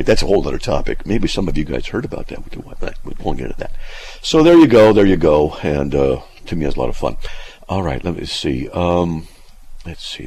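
A man hosting a casual talk radio show and answering listener emails. He is animated, laughs often, argues with rhetorical questions and acts out the people he quotes. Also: rumbling low, gravelly, slightly rough. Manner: argumentative, asks rhetorical questions.

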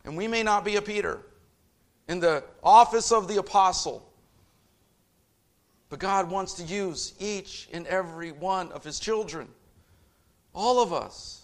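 A man preaching a sermon, moving from hushed, measured exposition to fervent, rising appeals. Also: high voice.

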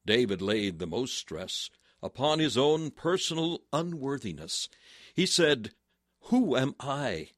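A man delivers a sermon in a solemn, measured voice that swells into fervent exclamations. His pitch sits in an ordinary middle range. The recording is dry and close, with no room sound. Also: very animated, a bit bright, no echo. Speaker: preacher. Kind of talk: sermon reading.

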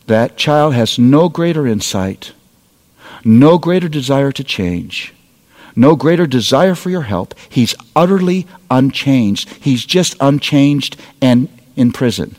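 A man's voice: mid-range voice, expressive, takes it slowly, a little mellow. A middle-aged man preaching a sermon, speaking earnestly and appealing directly to his listeners. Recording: long reverb of a large hall.

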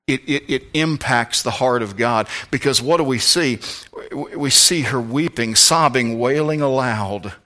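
A man preaching a sermon as pastor, fervent, swinging between shouts and hushed tones. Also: medium pitch, a little slow, hardly any pauses.

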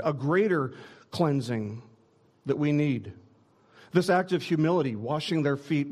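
A man's voice: medium pitch, a little mellow. A man preaching a sermon in an earnest way, often repeating a word as he starts a phrase. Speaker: pastor.

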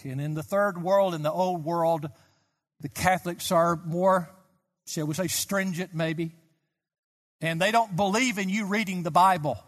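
A pastor in his sixties preaching a sermon, impassioned and swinging from soft asides to loud, emphatic peaks. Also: on the high side, big-room sound.

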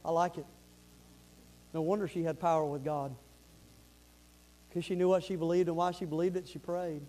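A pastor with a Southern accent preaching a sermon, emphatic, moving between loud urgent appeals and quiet earnest asides. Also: male voice, on the high side, steady tone, normal speed.

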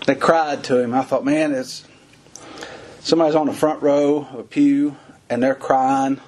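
A man's voice: medium pitch, steady tone, moderate pace, darkish tone. A middle-aged man preaching a sermon in a folksy, dramatic way that rises into urgent cries.

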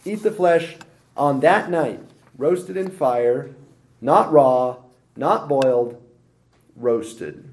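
A man preaching a sermon, explaining scripture with emphatic swings of pitch and loudness. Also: expressive, drawn-out words, pauses often.

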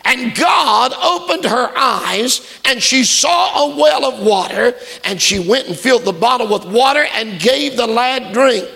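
A male preacher delivering a fervent sermon that builds to shouted emphasis. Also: very high voice, expressive, measured pace, gravelly, few pauses. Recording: long hall reverb.

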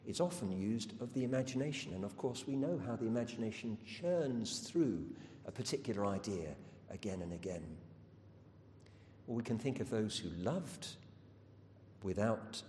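Man, sermon, low voice, reverberant hall, faint rumble. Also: lively intonation, moderate pace, darkish tone. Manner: earnest storytelling with rhetorical questions. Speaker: preacher.

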